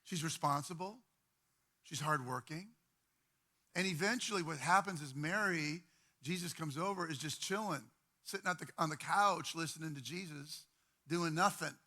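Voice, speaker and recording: A man, a pastor, preaching a sermon in a conversational style, often repeating phrases and dropping to quiet, intimate tones. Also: fairly high pitch, moderate pace. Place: church.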